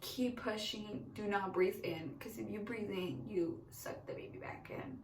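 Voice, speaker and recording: A woman's voice: medium pitch, measured pace, far from the mic, a little hiss or hum. A young woman chattily telling her birth story as a vlog, acting out the quotes. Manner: chatty, animated, acts out quotes. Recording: echoey room, away from the mic.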